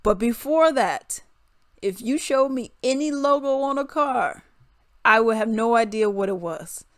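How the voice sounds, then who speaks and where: A woman's voice: on the high side, animated, a little slow, no echo, studio quality. A young adult woman vlogger telling a casual story to her viewers, chatty and laughing often. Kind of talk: casual storytime and reaction commentary.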